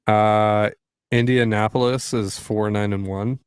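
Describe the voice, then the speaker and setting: A man's voice: fairly low pitch, fairly even intonation, measured pace, clear, resonant tone, no echo, clean studio sound. A man co-hosting a livestream sports podcast, talking in playful, joking banter. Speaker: podcast co-host. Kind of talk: casual livestream sports chat.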